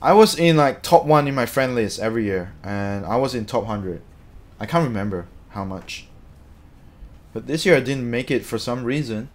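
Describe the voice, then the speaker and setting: A man chatting casually on a live stream, reading out viewer comments in an excitable, talkative way. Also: medium pitch, normal speed.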